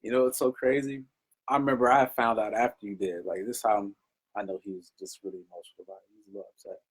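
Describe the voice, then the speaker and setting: A man speaking as a guest in a casual podcast chat, recounting events in a relaxed way. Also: on the low side, fast talker, breathy edge, rough recording.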